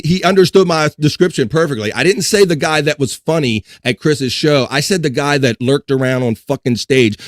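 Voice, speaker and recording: A man's voice: fairly high pitch, no echo. A man hosting a casual livestream podcast, reading chat and ranting with heavy swearing and frequent laughter. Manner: profane, ranting, laughing while venting.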